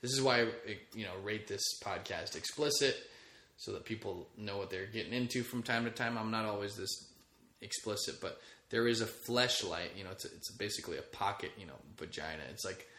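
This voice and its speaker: A man in his thirties rambles through a casual podcast monologue, crude and joking, swearing freely. His voice sits a bit low yet sounds bright and forceful. The room around him is echoey. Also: a little fast. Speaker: podcast host.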